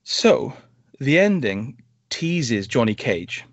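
Animated man reviewing films. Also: mid-range voice, slow, no room sound, muffled recording. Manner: animated, rambling, sarcastic asides. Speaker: podcast co-host. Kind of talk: casual film review chat.

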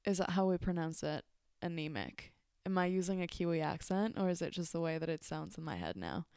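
Low, smooth-voiced woman hosting a podcast. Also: expressive, quick pace, darkish tone, dry recording, clean studio sound. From Mexico. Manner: rambling, many fillers and restarts. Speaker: podcast host. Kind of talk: casual reflective monologue.

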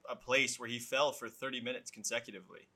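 A man co-hosting a casual chat, relaxed and blunt, with casual swearing. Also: medium pitch, fast talker.

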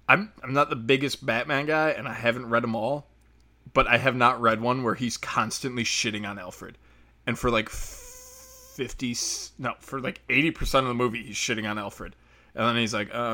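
A young man giving a casual, profane movie review rant, mocking characters in quick quoted voices. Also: mid-range voice, sharp tone.

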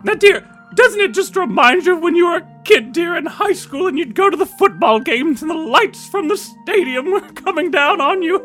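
A man's voice: very high voice, animated, normal speed, few pauses, a bit bright, soft background music, voice pushed up. A man voicing a sweet, doting old-fashioned wife who calls everyone dear, in an improvised comedy sketch. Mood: nostalgic.

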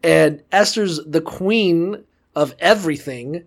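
A man's voice: on the high side, takes it slowly, gravelly. A man co-hosting a casual comedy podcast, riffing in profane comic digressions. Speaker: podcast co-host.

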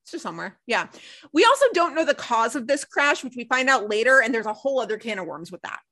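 A young woman co-hosting a casual recap chat, telling the story with lively acted-out quotes. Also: fairly high pitch, fast. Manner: animated storytelling, acts out quotes. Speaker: podcast co-host.

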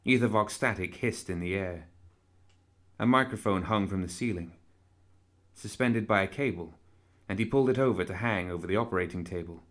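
A man narrating a novel with a low, steady delivery. He paces the descriptive passages evenly and keeps his tone measured throughout. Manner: measured, even storytelling. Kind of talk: audiobook narration.

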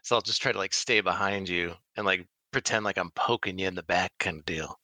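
A man's voice: sits low, steady tone, brisk, bright, forceful tone, no echo. A man playing a tabletop game, chatting in a laid-back, hesitant way with many fillers. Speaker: player. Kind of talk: casual tabletop game chat.

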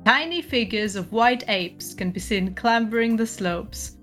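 A woman's voice: fairly high pitch, a little slow, a bit bright, soft background music. A woman narrating a tabletop horror game as game master, describing scenes and often laughing.

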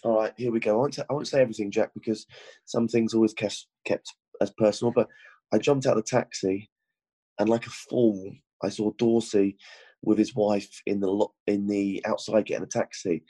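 A British man co-hosting a casual podcast chat, talking quietly from a hotel room in the early hours. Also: on the low side, flat delivery, normal speed. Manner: hushed, keeping quiet at 4am. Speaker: podcast co-host.

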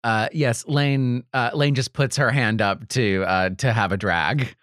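A man's voice: mid-range voice, steady tone, unhurried, a bit bright, no echo. A man playing in a tabletop role-play, with a dry, wry manner. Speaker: player.

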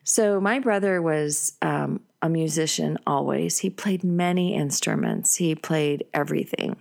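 A middle-aged woman telling a personal story in a casual, animated way, with many fillers and excited bursts. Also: low voice, unhurried, gravelly.

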